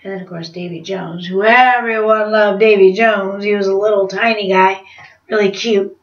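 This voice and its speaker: A woman's voice: mid-range voice, fairly even intonation, moderate pace. A woman vlogger telling a rambling confessional story in a chatty way, laughing at herself. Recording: roomy, distant, slightly dull sound.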